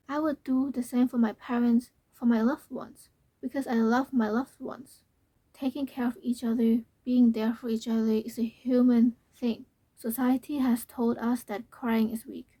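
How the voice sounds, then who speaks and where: A young woman vlogger talking to camera, earnest and emphatic, repeating her points, her voice slightly hoarse and fading. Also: a little high, warm tone, no room sound. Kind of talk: talking to camera, reading out comments.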